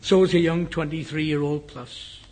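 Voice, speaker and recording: An older English preacher delivers a sermon with a husky, slightly breathy voice that sits a little high for a man. He speaks earnestly and often sinks into a hushed, whispered tone. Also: steady tone, measured pace. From England. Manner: earnest, drops to a hushed whisper for the dying man's words. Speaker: guest preacher. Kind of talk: sermon with a personal story.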